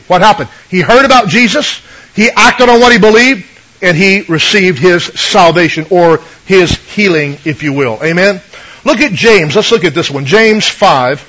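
A man with a fairly high voice preaches a conversational sermon, retelling scripture stories and calling for amens from the congregation. It sounds like a radio broadcast. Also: expressive, normal speed, a bit bright, poor audio. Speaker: pastor.

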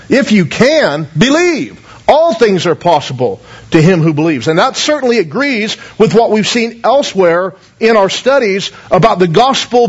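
A man, a pastor, reading scripture, praying and preaching to a congregation, earnestly asking them questions and often repeating words as he goes. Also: sits high. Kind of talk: sermon with scripture reading and prayer. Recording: dull lo-fi recording.

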